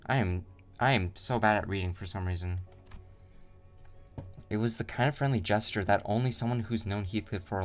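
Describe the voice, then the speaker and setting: Casting: low-voiced male streamer, casual, stumbles over words, faint music behind. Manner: stumbling, self-correcting reader. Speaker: streamer reading a game story. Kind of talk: casual game read-through.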